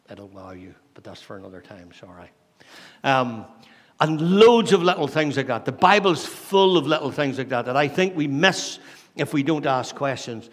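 A man preaching a sermon, asking many questions and dropping from loud to hushed. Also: mid-range voice. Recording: long hall reverb.

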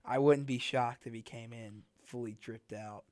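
A man's voice: mid-range voice, fairly even intonation, normal speed, darkish tone, no room sound. A young man hosting a college radio podcast, chatting casually in a small studio and rambling with lots of fillers. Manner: rambling, filler-heavy, laughs often. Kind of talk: casual chat.

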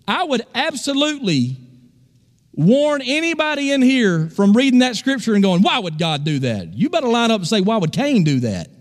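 A man's voice: extremely high pitch, in a large hall. A male pastor preaching a sermon in a church, emphatic and asking the congregation questions. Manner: emphatic, call-and-response questions.

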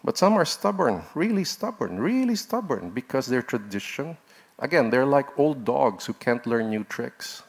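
Male pastor, mid-pitched voice, earnest exhorting sermon delivery with sharp emphatic rises. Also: sing-song, moderate pace, creaky, slightly rough.

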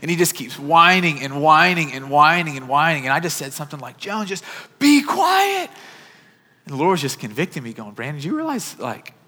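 A man's voice: fairly high pitch, fast, hardly any pauses, sharp tone. A man in his thirties preaching a sermon, telling a personal story in an earnest, conversational way. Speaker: pastor. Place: church auditorium. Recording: church hall reverb.

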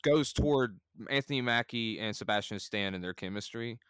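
A man in casual podcast chat, gushing as an excitable fan with many "like"s. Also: lowish voice, normal speed, smooth, no echo, studio quality. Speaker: podcast co-host.

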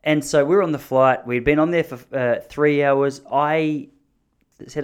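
A man's voice: mid-range voice, normal speed, smooth. Aussie guy in his 30s rambling through a funny story, jokes at his own expense. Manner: rambling, joking, self-mocking. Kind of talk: casual storytelling monologue.

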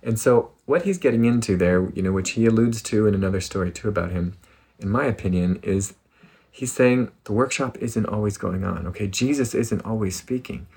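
A man giving a casual spiritual talk in an animated, playful way, often laughing. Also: fairly low pitch, fairly quick, husky. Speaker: spiritual speaker.

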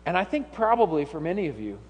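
A man's voice: a little high, big pitch swings, fast talker. A man in his thirties preaching a humorous, conversational sermon with laughing asides. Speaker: pastor. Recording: long hall reverb.

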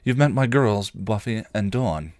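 Man lifting his voice for a weary, warm hospital mum. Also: fairly low pitch, animated, a little slow, dry recording, studio quality, pitched above the performer's own voice. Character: tired, warm middle-aged mother in hospital.

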